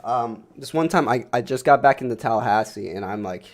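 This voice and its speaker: A man's voice: medium pitch, normal speed. A young man co-hosting a podcast, telling rambling, profane stories in casual chat with lots of fillers. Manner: rambling, profane, animated storytelling with many fillers. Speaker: podcast co-host.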